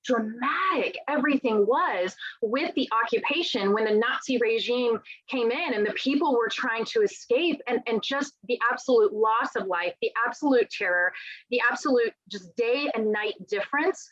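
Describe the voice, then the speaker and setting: A middle-aged woman author in a conversational interview, telling lively stories and acting out quoted dialogue. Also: on the high side, moderate pace, no echo. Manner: animated storyteller, acts out quoted dialogue. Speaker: author guest. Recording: dull, lo-fi sound.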